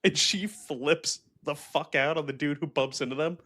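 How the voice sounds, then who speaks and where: A young man co-hosting a casual movie review chat, animated and acting out quotes from scenes. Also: a little high, normal speed. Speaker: movie review podcast co-host.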